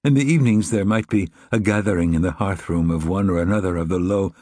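A man narrating a novel in a measured, reflective reading. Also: low-pitched, dark tone, dry recording, studio quality. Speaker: audiobook narrator. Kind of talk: scripted narration.

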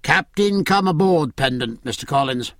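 A man voicing a hearty, commanding naval captain who barks orders loudly and briskly. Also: fairly high pitch, expressive, no room sound, clean studio sound, close to an everyday voice.

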